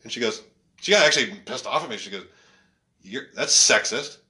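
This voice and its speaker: A man chats about his stand-up career in a bright, forward voice. He tells stories with lots of energy, laughs often and swears freely. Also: mid-range voice, lively intonation, very fast. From Canada. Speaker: stand-up comedian guest. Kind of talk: casual podcast chat.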